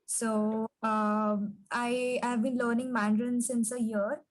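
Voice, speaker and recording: A woman learner asks a question in a live session, speaking slowly and hesitantly. Her voice sits a little high, and she pauses often with fillers. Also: little pitch movement, poor audio.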